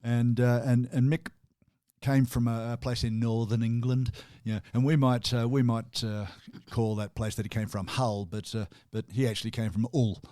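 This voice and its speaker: An Australian man talks through music history in casual chat, chuckling and restarting his sentences as he goes. His voice sits at an ordinary middle pitch. It is recorded close and dry, with no room sound. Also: flat delivery, moderate pace, warm tone, smooth, no room sound. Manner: chatty, chuckling, many restarts. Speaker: radio co-host.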